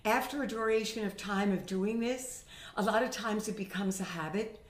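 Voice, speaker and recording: A middle-aged woman voice teacher recovering from a sinus infection, chatting and demonstrating pitch with her own voice in a home video lesson. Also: moderate pace. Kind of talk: instructional video talk. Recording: roomy home recording.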